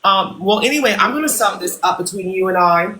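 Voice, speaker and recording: A man hosts a livestream on his phone as a self-styled CEO, leading a job interview in a mock-formal, unhurried manner. His voice sits a little high with a bright edge. The room rings with echo and faint clicks. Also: expressive, slight background noise. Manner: mock-formal, unhurried, slips into thanking viewers. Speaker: livestream host. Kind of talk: role-play job interview as a boss and CEO.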